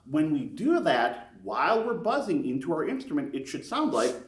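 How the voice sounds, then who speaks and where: A man's voice: on the high side, sing-song, moderate pace, hardly any pauses, background noise. Encouraging man teaching a brass lesson. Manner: encouraging, counts beats aloud. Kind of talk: step-by-step music lesson. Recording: echoey room, mic at a distance.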